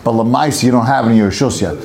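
Man at a mid pitch, reading and explaining a Talmud passage conversationally, acting out the case in it. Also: very fast, vocal fry. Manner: reads Aramaic text aloud and explains it in English; acts out the case with lively back-and-forth. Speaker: Talmud study leader. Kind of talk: casual Talmud study session.

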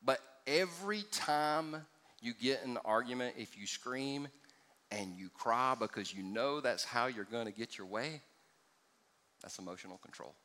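Lively joking pastor, bright voice in a reverberant church hall. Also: male voice, medium pitch, a little slow. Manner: animated and joking with the congregation, swinging from loud to hushed. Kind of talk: sermon. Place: church sanctuary before a congregation.

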